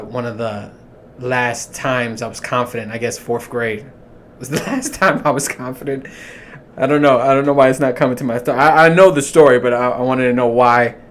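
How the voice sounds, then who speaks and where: This podcast host talks alone in a mid-range voice, wandering through a casual monologue full of profanity and chuckling at his own humor. A little hiss or hum sits under the audio.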